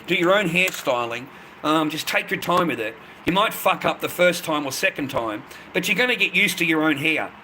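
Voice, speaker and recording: An Australian man in his late fifties ranting on a live stream with a sharp, forceful tone and a voice sitting a little high for a man. He is blunt and combative, swears constantly and hammers the same points over and over. A faint hiss sits under his voice. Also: expressive, moderate pace. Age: 50s. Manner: blunt, heavy swearing, repeats himself, combative. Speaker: livestreamer. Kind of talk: profane angry rant to a live stream.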